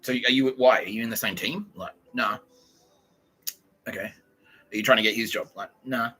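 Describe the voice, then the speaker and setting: A man's voice: mid-range voice, normal speed, pushed and bright, breathy edge, poor audio. Sweary man ranting. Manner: sweary, ranting, quotes people in put-on voices. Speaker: podcast host. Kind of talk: casual rambling monologue.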